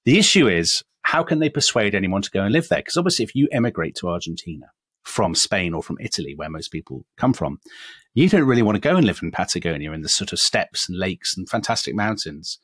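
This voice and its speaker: A man's voice: deep voice, lively intonation, fast, fairly bright tone, breathy edge, no echo. An English man co-hosting a history podcast, telling a story in a chatty, self-deprecating way with many asides. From England. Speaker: podcast co-host.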